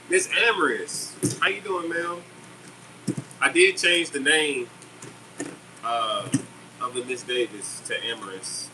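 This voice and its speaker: A man's voice: medium pitch, far from the mic. A middle-aged man hosting a casual live stream, chatty and upbeat as he answers viewers' comments. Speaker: livestream host selling fishing jigs. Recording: steady air conditioner hum behind.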